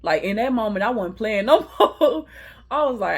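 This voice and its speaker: A woman's voice: a little high, normal speed, slightly rough. A young woman tells a casual storytime. She swears freely and acts out the quotes. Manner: animated, laughing, profane, acting out quotes.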